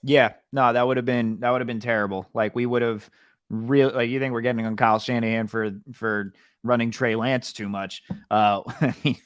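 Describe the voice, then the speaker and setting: A man's voice: medium pitch, steady tone, moderate pace, clean tone, dry recording, clean studio sound. A man co-hosting a casual sports podcast, loose and conversational, who leans on "like" a lot. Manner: loose and conversational, heavy use of "like". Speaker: podcast co-host.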